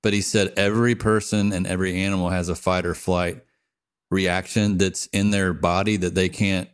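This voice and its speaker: A man hosting a podcast, chatting in a relaxed way and chuckling as he speaks. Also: low voice, normal speed, clear, resonant tone. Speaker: podcast host. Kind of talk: casual chat.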